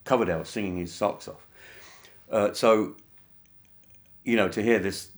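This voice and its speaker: Deep-voiced man telling wry anecdotes. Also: fairly even intonation. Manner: wry, measured, with many fillers. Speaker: interviewee, band member. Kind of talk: anecdotal interview storytelling.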